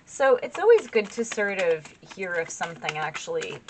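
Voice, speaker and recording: Excitable chatty woman reading tarot. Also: on the low side, normal speed, background noise. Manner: chatty and excitable, laughs often, gushes over cards; rambling with many fillers and asides to viewers. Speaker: tarot reader. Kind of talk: casual tarot reading to camera.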